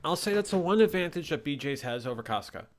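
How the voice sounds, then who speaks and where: Lively man chatting and joking. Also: on the high side, quick pace. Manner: animated, laughs easily. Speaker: co-host. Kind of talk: casual group chat.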